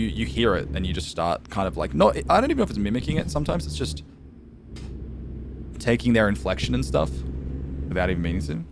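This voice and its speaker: A man's voice: on the low side, slight background noise. A man streaming a driving game, chatting casually and rambling to his chat with frequent laughs.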